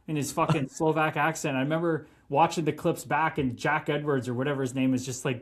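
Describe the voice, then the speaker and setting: A man, a former pro hockey player, telling profane, animated stories as a guest in casual podcast chat. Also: on the high side, fast talker, few pauses, slight background noise.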